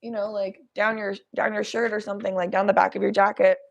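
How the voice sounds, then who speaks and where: A woman voicing her calm female friend, who firmly and slowly repeats reassurances to a panicking pal. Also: medium pitch, vocal fry, natural voice. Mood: urgent calm. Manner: slow, firm, reassuring repetition.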